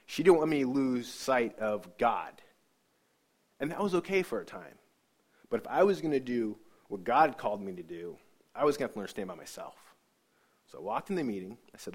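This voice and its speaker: A man giving an emotional personal testimony about his faith, earnest and halting, often repeating words as he searches for them. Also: mid-range voice, lively intonation, slightly rough. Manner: earnest, halting, repeats himself when moved. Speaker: speaker sharing a faith testimony.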